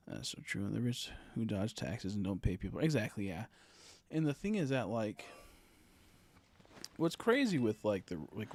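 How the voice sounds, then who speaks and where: A man's voice: fairly low pitch, slight background noise. Ranting young man streaming a game. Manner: ranting, swears a lot, many fillers. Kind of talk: casual live-stream chat.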